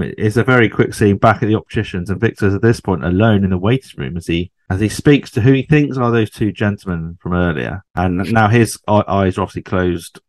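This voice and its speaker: A low-pitched man talks through a sitcom episode in a relaxed, chatty way. He often stops to ask his co-host questions. The sound is dry and close. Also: no room sound. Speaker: podcast co-host. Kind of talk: casual chat recapping a sitcom episode.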